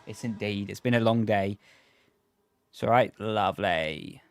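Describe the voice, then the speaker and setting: Chatty man streaming a racing game. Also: lowish voice. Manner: chatty, greets viewers by name, quick self-corrections. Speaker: game streamer and sim racer. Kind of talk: casual livestream chat while gaming. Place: home sim racing rig. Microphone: desk microphone on a stand.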